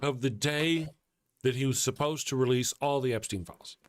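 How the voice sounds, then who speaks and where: A man's voice: medium pitch, normal speed, dry recording. A man co-hosting a live talk show, chatting casually about politics, sardonic and profane, thanking viewers from the chat. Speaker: co-host of a call-in show.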